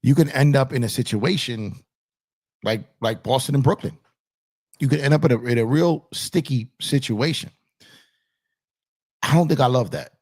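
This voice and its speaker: A medium-pitched man with a darkish tone speaks at normal speed, leaving long pauses, as he hosts an animated basketball show. He presses his points, repeats himself and addresses the chat as "y'all." His home studio has purple lights, and he uses an on-camera streaming setup.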